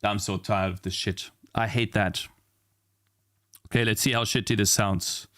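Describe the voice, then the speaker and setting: A man's voice: lowish voice, fairly even intonation, a little slow, a bit bright. A man streaming while he works on his game, talking casually, frustrated, swearing and muttering at his computer. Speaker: indie game developer streamer. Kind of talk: casual live-stream talk while working. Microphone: streaming mic at a desk.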